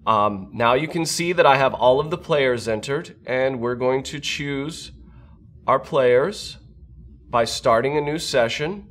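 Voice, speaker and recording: A man who is a speech-language pathologist gives a scripted product walkthrough, explaining each step in a steady, instructional way. His voice sits at an ordinary middle pitch. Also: unhurried.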